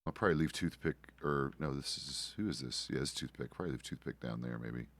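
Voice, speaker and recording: Low-voiced middle-aged male streamer. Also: fast, a bit bright, no room sound. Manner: rambling, self-correcting, casual swearing. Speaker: streamer playing a deputy. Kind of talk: casual roleplay stream chat.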